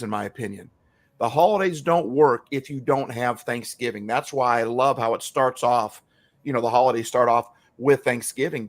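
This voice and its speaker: Middle aged guy all lit up, preachy motivational podcast talk. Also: medium pitch. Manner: excited, preachy motivational speaker. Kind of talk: casual podcast chat.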